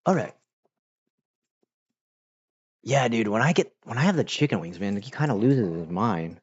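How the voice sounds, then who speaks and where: Relaxed low-voiced man chatting. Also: brisk, dry recording. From United States. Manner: rambling, relaxed, many fillers. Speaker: livestream host. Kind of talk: casual livestream chat. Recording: dull, dry mic sound.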